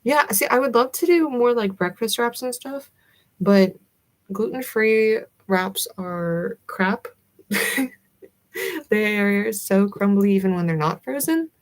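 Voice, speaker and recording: Taking it slowly, this Southern US livestream host, a young adult woman with a medium-pitched voice, chats casually with her viewers. She rambles and giggles, using lots of fillers.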